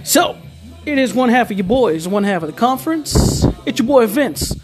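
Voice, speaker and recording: Man, very high voice, hyped casual pep talk, faint music behind. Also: animated. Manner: fast, hyped, joking. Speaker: podcast host.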